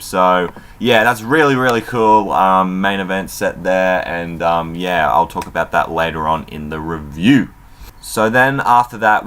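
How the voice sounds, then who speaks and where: A man's voice: sits low, a bit bright. A man giving a casual spoken review of a wrestling show, loose and rambling, with many fillers and free swearing.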